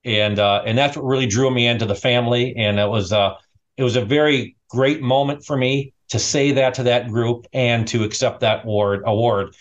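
A man's voice: medium pitch, normal speed. Middle-aged male guest, chatty storyteller, repeats himself, dull lo-fi mic. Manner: animated, rambling, repeats words. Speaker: award-winning restaurant owner, guest. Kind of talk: casual storytelling. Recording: dull lo-fi sound.

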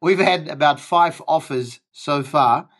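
A male comedian guest telling lively anecdotes in casual chat, often breaking into laughter. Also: fairly high pitch, a little slow. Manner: animated anecdotes, frequent laughter.

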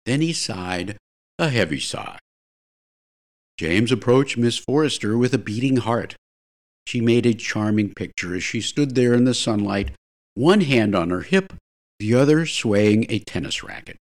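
Wry male storyteller with a lively voice. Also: medium pitch, a little slow. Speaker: narrator. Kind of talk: scripted narration of a comic story.

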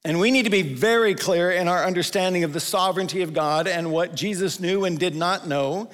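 A pastor in his own voice delivers a sermon in a relaxed, conversational way. His voice sits a little higher than most men's. He slows right down to lean on the scripture he quotes, and the sound carries the long reverb of a large sanctuary. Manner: conversational preaching, quotes scripture with slowed emphasis.

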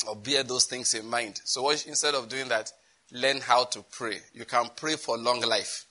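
Preacher guy, sharp bright voice, laughs a lot mid-sermon, chatty asides. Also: mid-range voice, fairly even intonation, moderate pace, rough recording. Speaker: pastor.

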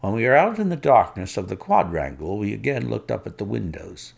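A man narrating an audiobook in a measured storytelling manner, his voice dropping at clause ends. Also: on the low side, very animated, creaky, husky. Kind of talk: scripted narration.

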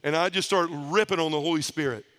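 A man giving a personal testimony at a men's conference, a lively storyteller who acts out the voices of the people in his story. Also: on the high side, fast. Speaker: conference speaker.

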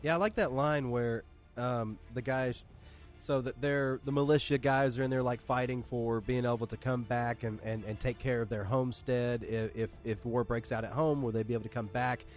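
Man, podcast co-host, excited, rambling, middle pitch, faint music. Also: normal speed. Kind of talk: casual chat.

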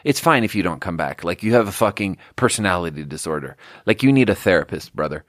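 A man's voice: low-pitched, expressive, quick pace, fairly bright tone, no room sound, clean studio sound. A man hosting a podcast, telling a rambling, profane, self-amused story in a casual way. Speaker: podcast host.

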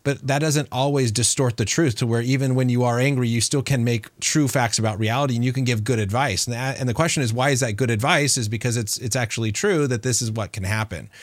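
Male host, mid-range voice, dry close recording, measured reasoning, rhetorical questions. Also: mid-range voice, fairly even intonation, no echo. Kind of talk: conversational discussion.

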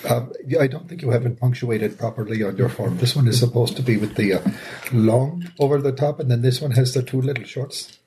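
A man's voice: medium pitch, a little fast, warm tone, a little hiss or hum. A man playing his character in a tabletop role-playing game, speaking formally and precisely without contractions. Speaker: player.

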